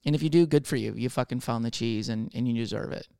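A man's voice: mid-range voice, fast, vocal fry, warm tone, clean tone, no echo, studio quality. A man in his twenties telling a rambling, profane comic monologue with lots of restarts. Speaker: comedian.

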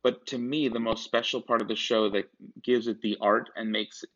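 On lo-fi, dull-sounding audio, a male podcast co-host with a lowish, slightly bright, steady voice talks casually at a moderate pace, rambling with frequent restarts and side comments.

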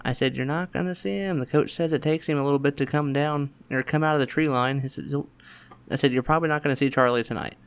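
A man's voice: fast talker, vocal fry, clean tone. A man, telling a family story in casual chat and acting out the quotes in raised voices. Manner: animated, acts out quotes in higher voices, laughs often. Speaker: podcast host.

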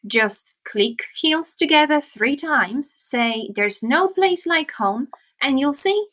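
A gentle, soothing good witch, as a woman reads her. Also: high voice, expressive, slow pace, exaggerated voice. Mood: reassuring. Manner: soothing, reassuring. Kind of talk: reading a children's story aloud.

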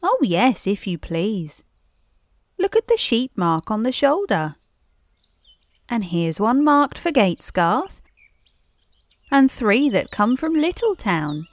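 A woman's voice: on the high side, big pitch swings, slow pace, pauses often, no room sound. A woman voicing a small, anxious, polite hedgehog washerwoman in a storybook, with eager-to-please chatter. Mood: busy. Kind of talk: storybook character voice.

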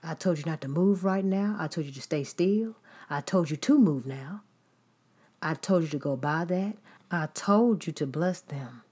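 A woman delivers a sermon, her voice sitting a little low for a woman. She drives her points home through emphatic repetition, stacking line after line. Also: normal speed, warm tone, husky. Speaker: preacher.

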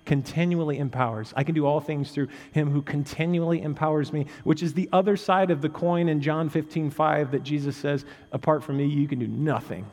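Guy pastor preaching, chatty and jokey, gets loud then drops real low, kinda high voice, long echo in a big church. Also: fairly even intonation, fairly quick, hardly any pauses. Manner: conversational preaching with frequent "right?" asides and humor; swings between intense raised emphasis and quiet low-voiced stress. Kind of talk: sermon.

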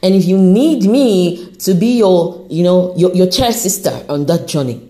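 Animated woman hosting a motivational podcast. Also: fairly low pitch, measured pace. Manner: encouraging, animated, talks straight to the listener; accent shifts while talking. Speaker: podcast host. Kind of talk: unscripted motivational talk.

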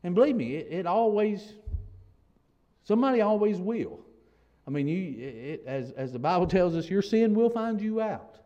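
A man's voice: high voice, lively intonation, moderate pace, warm tone, highs cut off. A male pastor preaching a sermon in a conversational way, with frequent restarts and "you know"s, then rising to emphatic declarations.

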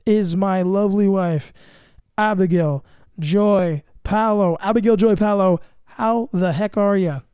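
Jokey podcast host with a mellow voice. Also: male voice, high-pitched, unhurried, clear, resonant tone, dry recording, clean studio sound. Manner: mock-grandiose, self-mocking boasts. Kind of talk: casual comedic podcast chat.

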